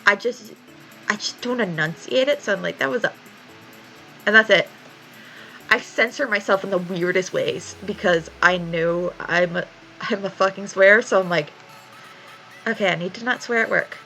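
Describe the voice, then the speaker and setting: A woman's voice: mid-range voice, vocal fry, poor audio. A young woman chatting casually while she draws on stream, telling stories with lots of swearing. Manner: chatty, swears freely, animated storytelling. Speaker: art streamer. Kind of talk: casual chat while drawing.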